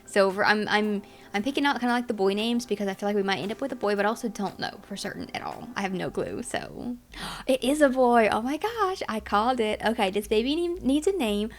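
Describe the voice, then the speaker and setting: A young woman giving chatty, excitable commentary while playing a life-simulation game, often talking to her characters. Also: medium pitch, fast talker. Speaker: gaming channel host. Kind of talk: casual gameplay commentary.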